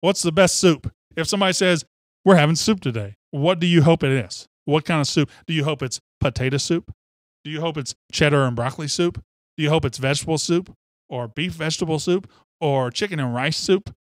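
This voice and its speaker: A man's voice: fairly high pitch, a little fast, no room sound, clean studio sound. A man hosting sports talk radio, fired up and opinionated, rambling from one take to the next.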